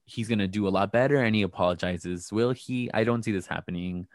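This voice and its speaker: Sarcastic low-voiced man recapping gossip. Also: a little fast, no echo. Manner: gossipy, sarcastic, acts out quotes. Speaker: podcast co-host recapping reality TV. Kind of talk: casual chat.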